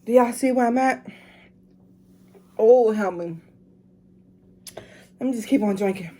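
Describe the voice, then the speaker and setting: A woman's voice: on the high side, unhurried, mellow. A woman, a mother filming at home, chatting casually to her viewers and groaning with strain as she talks. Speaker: vlogger doing a drinking challenge.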